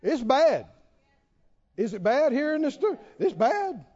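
A man preaching in a high, wildly swinging voice, laughing often and breaking into shouted calls to the crowd. The sound is muffled and rings with a long hall echo. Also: measured pace, long pauses. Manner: animated, dramatic retelling with frequent laughs and shouted exhortations. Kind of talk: sermon.

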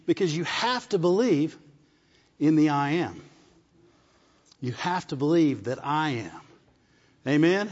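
This preacher's fairly high voice has a darkish tone and lively intonation; he speaks a little slowly and leaves long pauses. He repeats phrases and uses call-and-response asides to build his point. A long hall reverb colors the dull, muffled recording.

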